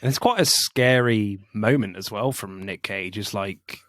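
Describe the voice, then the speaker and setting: A man hosting a casual film review podcast. He speaks in a relaxed way, laughs often and leads the segments. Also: on the low side, a little slow.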